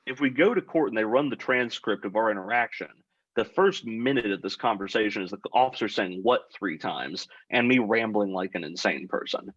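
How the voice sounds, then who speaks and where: A young man from Texas telling a funny story in a deadpan, rambling way as a podcast guest. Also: on the low side, breathy edge, dry recording, dull audio. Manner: deadpan comic storytelling, acts out his own quotes. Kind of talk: casual storytelling.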